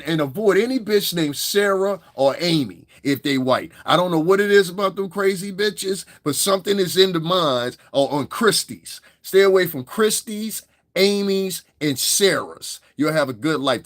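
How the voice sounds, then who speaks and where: A man with a slightly higher voice riffs loosely in crude, rambling commentary, breaking into laughter as he goes. His voice sits close and dry on the mic. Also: a bit bright, no room sound. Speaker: commentary streamer. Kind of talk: casual unscripted commentary.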